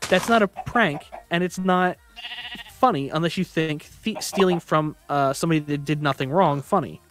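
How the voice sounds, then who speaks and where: A man talking casually on a livestream, his voice sitting a bit high for a man. He rambles and restarts his sentences, sounding exasperated. Faint music plays behind him. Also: moderate pace, fairly bright tone. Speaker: streamer.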